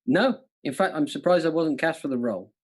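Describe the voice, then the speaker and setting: This man hosts a live-streamed quiz with jokey impressions, his fairly high voice brisk and slightly breathy. He's playful, pokes fun at himself, and frequently laughs at his own gags, speaking into a studio mic with monitors.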